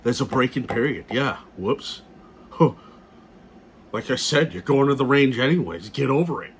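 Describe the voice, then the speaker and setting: A man's voice: medium pitch, expressive, normal speed, a little hiss or hum. A middle-aged man ranting casually in a video blog, blunt and profane, repeating himself as he talks. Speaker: gun vlogger.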